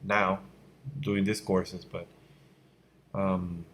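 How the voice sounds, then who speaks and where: Low-voiced, blunt man from Venezuela. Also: little pitch movement, very slow, fairly bright tone, a little hiss or hum. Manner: candid and blunt, gets worked up and emphatic. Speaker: visual effects course instructor. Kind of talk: casual Q&A answering viewer questions. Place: room at home at night by a window. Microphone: fixed mic, voice fades when he turns away.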